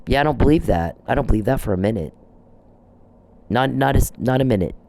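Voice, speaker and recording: A man's voice: mid-range voice, lively intonation, fairly quick, creaky, darkish tone. A man hosting a solo podcast, delivering an emphatic, repetitive and accusatory rant. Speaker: podcast host.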